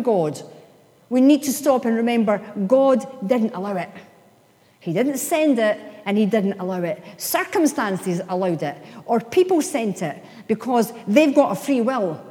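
A high-voiced woman delivers a sermon from the pulpit, pressing her points with impassioned emphasis. Her words ring out with the long reverb of a large church hall. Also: warm tone. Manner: impassioned, rising to emphatic declarations. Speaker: pastor.

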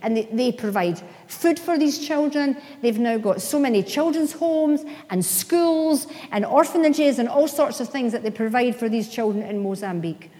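A high-voiced woman delivers a sermon from the pulpit, pressing her points with impassioned emphasis. Her words ring out with the long reverb of a large church hall. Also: expressive, normal speed, hardly any pauses, dark tone. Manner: impassioned, rising to emphatic declarations. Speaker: pastor.

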